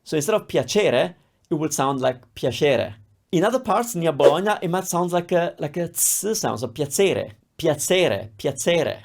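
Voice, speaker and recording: A man with an Italian accent guides learners through an online language lesson. His voice sits a little high and has a gravelly edge. He explains patiently and slows down to model words. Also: expressive, a little mellow. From Italy, Rome area. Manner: reassuring, explanatory, models pronunciations slowly.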